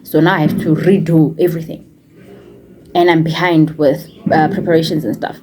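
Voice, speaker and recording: A woman's voice: low-pitched, moderate pace, a crowd in the background. A young woman with a Setswana-accented English, telling a personal story in a casual vlog and acting out what others said, slipping into Setswana phrases. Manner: animated retelling, acting out what others said, code-switching into Setswana. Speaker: vlogger and former teacher.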